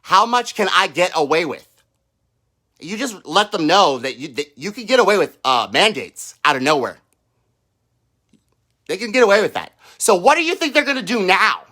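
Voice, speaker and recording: A man holds forth in a heated, profane livestream rant, firing off mocking quotes of the people he attacks. His pitch leaps up and down constantly, and his voice has a bright, cutting edge. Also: big pitch swings, normal speed. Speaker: political livestreamer. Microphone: own microphone.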